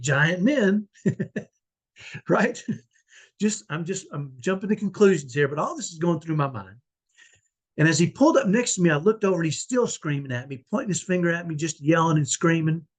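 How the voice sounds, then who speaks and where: A parent vlogger talks about his life as a parent, telling a personal story conversationally and often tagging his sentences with "right?". His voice is on the high side, and he speaks at a moderate pace.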